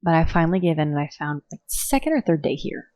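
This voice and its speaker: A chatty young woman tells a story in loose podcast talk, full of "like" fillers. Her voice sits fairly low. The small room around her is dry and close. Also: lively intonation, fast, darkish tone, no echo. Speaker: podcast co-host. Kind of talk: casual chat.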